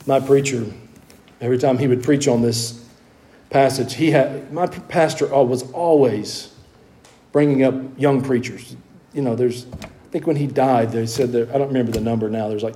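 A middle-aged pastor recounts his own conversion in a sermon, folksy and earnest, now and then repeating words to press a point. His voice is medium in pitch with a dark tone.

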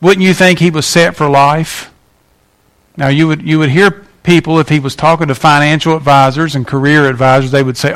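Preacher guy, kinda high voice, folksy, keeps asking the crowd questions. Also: fairly even intonation, normal speed, fairly bright tone, clean tone. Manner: folksy, emphatic, asks the congregation questions. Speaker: pastor. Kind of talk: sermon.

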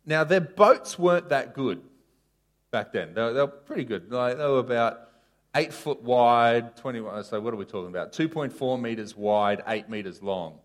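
A man preaching a casual sermon, telling a story with sharp rises and drops in his voice. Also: mid-range voice, moderate pace. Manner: animated storytelling, voice rising and falling sharply.

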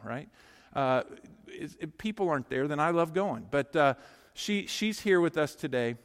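A middle-aged man delivers a sermon from a church sanctuary, and his voice sits high for a man. He tells stories with lively humor and speaks straight to the congregation. The sound rings with the long reverb of a large hall. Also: normal speed. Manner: lively, joking storyteller who talks straight to the congregation. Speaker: pastor.

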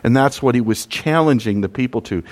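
A man's voice: mid-range voice, a little fast. A man preaching a sermon, telling stories and acting out the voices in them. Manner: preaching with scripture readings and sung verses. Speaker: pastor.

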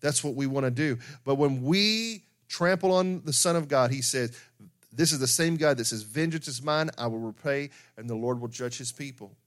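A man's voice: medium pitch, moderate pace, fairly bright tone. A man preaching a sermon, earnest and emphatic, reading scripture and acting out the excuses of sinners.

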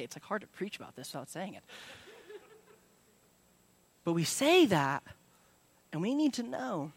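A man's voice: high-pitched, no room sound. A young adult male pastor preaching a sermon in a casual, conversational way, with many fillers and restarts.

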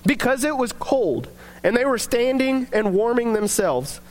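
A man's voice: very high-pitched, big pitch swings, measured pace. A man preaching a sermon, reading scripture aloud and then explaining it in plain, earnest words.

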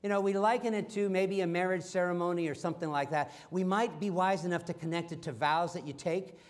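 Preaching man with a higher voice. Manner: dynamic preaching, swinging between loud emphasis and soft, slow hushed lines. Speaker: pastor. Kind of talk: sermon.

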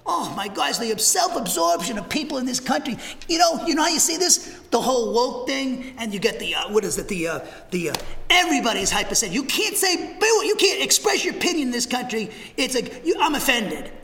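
A high-pitched, fiery male preacher delivers an animated sermon, his voice leaping up and down as he moves from shouted passages to near-whispered asides. His tone is bright and sharp, and the long reverb of a church sanctuary trails every phrase. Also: fairly quick, gravelly. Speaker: pastor.

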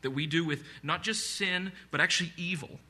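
A man's voice: a little high, brisk, sharp tone. A man preaching a sermon, speaking earnestly and conversationally with repeated phrases and asides. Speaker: pastor.

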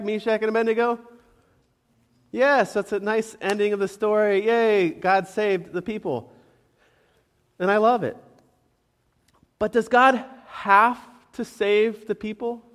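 A male pastor preaching a sermon, stressing words by repeating them and putting questions to the congregation. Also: sits high. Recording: long reverb of a hall.

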